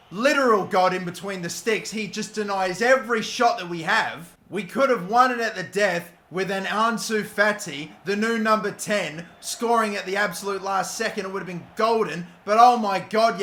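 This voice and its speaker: A man with an Australian accent commentating his own football game, swearing often and swinging from low mutters to cracking screams. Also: fairly bright tone, reverberant. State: voice cracking from shouting. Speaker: gaming YouTuber. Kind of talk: live gameplay commentary.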